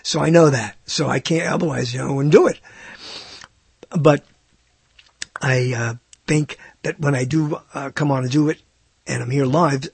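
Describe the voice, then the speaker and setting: A man's voice: fairly high pitch, creaky, fairly bright tone, husky, no echo. A man hosting a live internet radio talk show, rambling and hesitant, with self-mocking asides.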